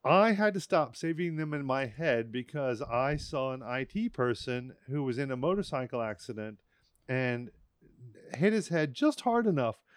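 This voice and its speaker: A man's voice: mid-range voice, lively intonation, normal speed, clean tone, no room sound, studio quality. A man co-hosting a casual podcast as an IT expert, easygoing, laughing often and explaining things plainly.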